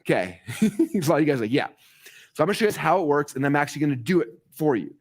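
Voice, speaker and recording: A man in his forties teaching a live online masterclass, talking straight to his viewers and acting out quick quotes with excitement. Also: a little high. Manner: fast, excited, talks to the audience directly, acts out quotes. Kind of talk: energetic live-stream teaching.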